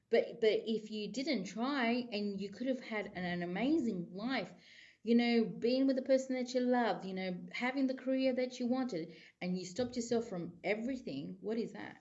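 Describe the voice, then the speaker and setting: A woman's voice: fairly high pitch, moderate pace, a little mellow, muffled recording. A woman, a psychic giving a casual tarot reading to camera in a rambling, chatty way full of filler phrases.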